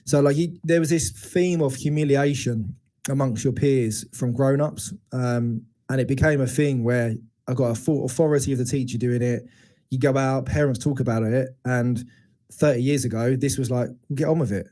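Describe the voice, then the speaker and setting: A man in his forties, a men's educator appearing as a guest on an interview podcast, tells a painful personal story at moderate pace. His medium-pitched voice is steady and dark-toned, and he is frank and reflective, often restarting sentences and acting out quotes.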